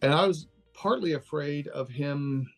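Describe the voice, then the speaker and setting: A guest on a casual interview over a call, this older man from Texas, USA, has a voice on the high side and a measured pace. He's candid and quick to laugh, with faint music in the background.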